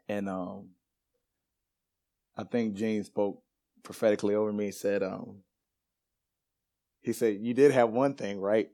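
A man's voice: lowish voice, steady tone, measured pace, long pauses, mellow. A man preaching in a church, telling a personal story with laughter and casual slang before turning to scripture. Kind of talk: storytelling sermon. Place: church sanctuary.

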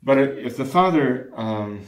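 In an echoey room, a man with a medium-pitched, expressive voice earnestly discusses family prayer. His measured, instructive delivery includes frequent restarted phrases and throat clearing.

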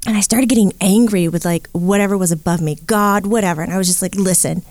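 A middle-aged woman who works as a psychic medium tells a story in a casual interview, speaking fast in a lowish voice. She is animated, acting out the voices in her tale, and the recording is dry.

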